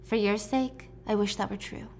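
A woman voicing a cold, scheming middle-aged female politician who speaks softly and condescendingly. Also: medium pitch, steady tone, moderate pace, a little hiss or hum, close to an everyday voice. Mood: icy, hushed. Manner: soft, hushed and condescending.

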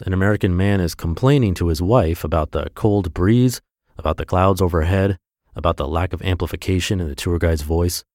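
Man, very low voice, podcast host reading essays, steady expressive narration, dry studio sound. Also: dry recording. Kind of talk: scripted narration.

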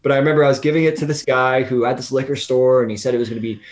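A man's voice: medium pitch, steady tone, very fast. A man from Southern California chatting as a guest over a video call, telling stories in a laid-back way with frequent laughs and restarts.

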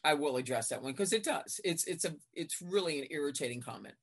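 A woman in her fifties, a veteran basketball referee, chatting in an interview and acting out her exchanges with coaches in lively retellings. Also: low-pitched, brisk, husky. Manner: animated storyteller acting out court exchanges. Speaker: basketball referee, podcast guest. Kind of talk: casual interview chat.

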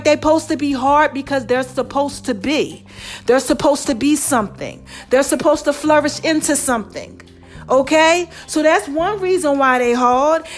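A woman hosting her own online show, talking casually and warmly to her viewers, calling them "baby" and repeating phrases to drive her point home. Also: sits high. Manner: affectionate, calls listeners "baby" and "y'all"; preachy, repeats phrases for emphasis. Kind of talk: casual motivational talk to viewers.

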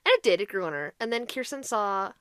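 Bright, lively woman telling a story. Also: mid-range voice, fast talker, clean tone, no room sound, clean studio sound. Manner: animated, swearing, acts out quotes. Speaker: podcast co-host. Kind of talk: casual storytelling chat.

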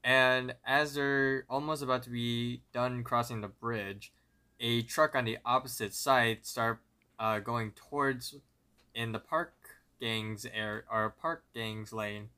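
Slow, bright-voiced young man narrating. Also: medium pitch, smooth. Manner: steady, methodical retelling with small slips. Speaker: podcast co-host. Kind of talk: plot narration recap.

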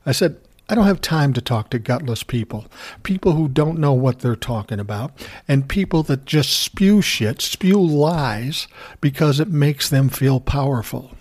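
A man talks straight to his listeners in a loose, ranting monologue. His delivery is sarcastic and peppered with swearing. His voice sits at an ordinary middle pitch for a man. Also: expressive, unhurried, a little mellow. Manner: profane, sarcastic storytelling. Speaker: commentary host.

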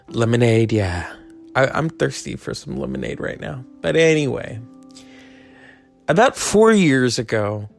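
A man's voice: medium pitch, creaky. A man hosting a podcast, chatting in a loose, joking monologue that wanders from tangent to tangent. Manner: rambling, joking, full of tangents. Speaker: podcast host. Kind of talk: casual comic monologue.

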